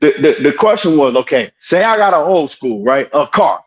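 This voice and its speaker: A man's voice: a little high, very animated, a little fast, dull audio. A man debating on a live stream, talking through an earbud and pressing his point with repeated questions and "right?".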